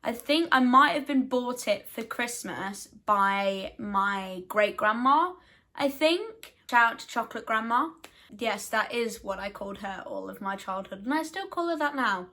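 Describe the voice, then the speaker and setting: A young woman talks casually to her camera. Her voice sits a little high. She is chatty and self-deprecating and keeps slipping in quick, defensive asides. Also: lively intonation, bright, forceful tone. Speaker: book vlogger.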